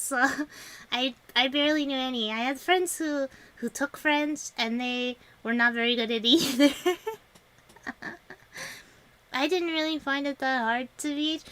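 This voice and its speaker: A young woman who streams as a vtuber chats casually with her viewers in a high, slightly bright voice. She laughs a lot and rambles, restarting her sentences often.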